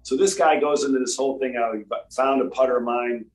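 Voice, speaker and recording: A man from Rhode Island, a former tour golfer, telling relaxed anecdotes in a casual chat with frequent restarts. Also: mid-range voice, quick pace, slight background noise, poor audio.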